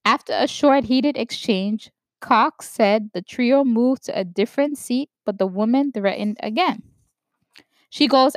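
A woman's voice: fairly high pitch, no echo. Emphatic woman giving dry-sounding commentary. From New York. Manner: emphatic, stresses words slowly, checks in with "right?". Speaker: vlogger commenting on news. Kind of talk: opinion commentary to camera.

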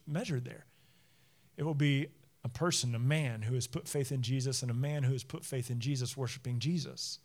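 A man in his thirties or forties, a pastor giving a sermon through chatty personal stories with frequent laughs. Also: on the high side. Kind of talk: conversational sermon storytelling. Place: church service.

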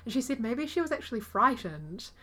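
Co-hosting a casual podcast, she talks a little fast with a voice on the high side. Her anecdotes are lively, and she acts out whoever she's quoting.

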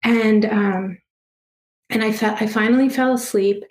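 Halting woman telling a story in a roomy space. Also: mid-range voice, steady tone. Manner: hesitant, halting, full of fillers and restarts; emotional, soft-spoken. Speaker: guest, past life regression therapist. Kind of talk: casual personal storytelling.

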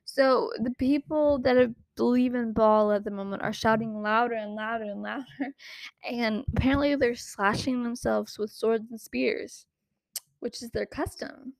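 Woman podcaster chatting about scripture, laughs a lot, says like constantly, kinda high voice. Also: fairly even intonation, normal speed, creaky, no echo, studio quality. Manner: chatty, giggly, lots of "like" fillers. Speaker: podcast host. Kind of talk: casual Bible talk.

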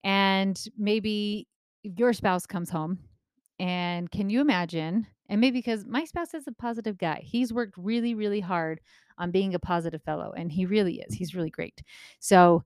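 A woman in her thirties talks through parenting advice in a casual, animated way. She slips into the voices of the people she quotes and keeps checking in with her listener. Her voice is mid-pitched and recorded close and dry. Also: normal speed, clean tone, no room sound. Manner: animated, acts out quoted remarks, often asks "right?".

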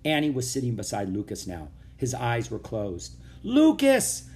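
A man reading a children's chapter book aloud in steady storytelling narration. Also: fairly low pitch, moderate pace. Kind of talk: audiobook narration.

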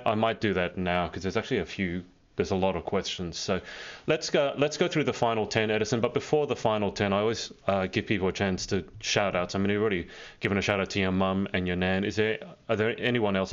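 The host of this live-streamed pageant interview speaks quickly in a low voice with fairly even intonation, keeping things chatty and teasing while reading viewer comments aloud. The video call audio is muffled and lo-fi.

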